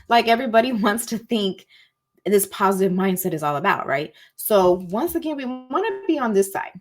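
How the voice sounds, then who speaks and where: A woman's voice: mid-range voice, moderate pace. Chatty woman teaching a feelings masterclass. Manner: chatty, animated, acts out example feelings in voices; colloquial, says "y'all". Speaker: masterclass host. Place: at home, cozy setting.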